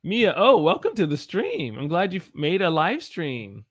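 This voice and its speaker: A man's voice: high-pitched, huge pitch swings. A man from the Southern United States with a Southern American accent, teaching English pronunciation in a live stream and drawing out each example word. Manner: slow, drawn-out demonstration of words.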